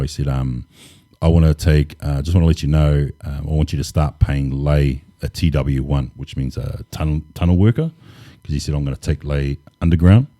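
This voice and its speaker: A man, relaxed and laid-back, telling stories as an interview guest with lots of casual fillers. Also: very deep voice, no room sound, clean studio sound. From New Zealand. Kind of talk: casual storytelling.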